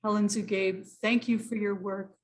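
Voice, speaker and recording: A woman interviewer closing a conversation in a measured, formal way. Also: medium pitch, flat delivery, low-quality recording. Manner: measured and formal, reading out quotes.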